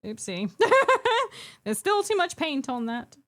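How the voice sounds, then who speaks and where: A woman's voice: high-pitched, big pitch swings, takes it slowly, fairly bright tone. A young adult woman chatting casually with her live-stream chat while painting miniatures, giggling and bantering playfully.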